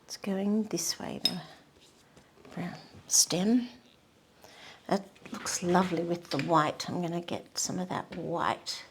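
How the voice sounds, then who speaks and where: A woman giving a painting demonstration, murmuring softly to herself and often dropping to a whisper. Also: on the low side, slow pace, creaky, pauses often, background noise. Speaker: art instructor.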